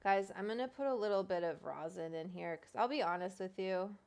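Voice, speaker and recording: A woman's voice: mid-range voice, fairly quick, a little mellow, smooth. A woman hosting a livestream, chatting casually, greeting viewers by name and swearing freely. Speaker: livestream host.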